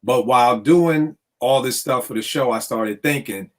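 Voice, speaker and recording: Man, podcast host, casual chat, relaxed, talkative, mid pitch. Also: moderate pace.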